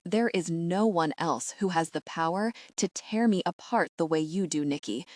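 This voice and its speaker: Brief: woman playing a controlled male lover, steady and commanding, dry close sound. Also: lowish voice, moderate pace, no room sound, lightly acted. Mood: tender.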